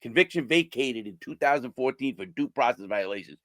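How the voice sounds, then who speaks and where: A man's voice: medium pitch, lively intonation, fairly quick, fairly bright tone, no room sound. An older man, a former prisoner, talking bluntly and casually to his viewers, swearing and acting out the people he quotes.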